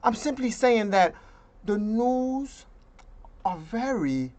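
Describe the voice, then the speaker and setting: Indignant vlogger ranting slowly. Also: medium pitch, sing-song, darkish tone. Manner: emphatic, indignant, slips into mocking voices. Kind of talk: political rant.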